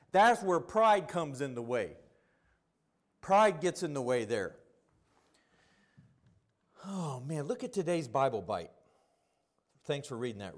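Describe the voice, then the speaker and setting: A middle-aged man preaching a sermon, telling stories and swinging between quiet asides and loud emphasis. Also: sits high.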